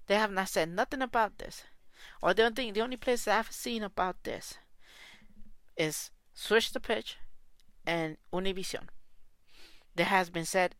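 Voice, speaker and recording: A woman's voice: mid-range voice, normal speed, a bit bright, no echo. A woman soccer fan podcaster delivering a heated, profane, repetitive solo rant.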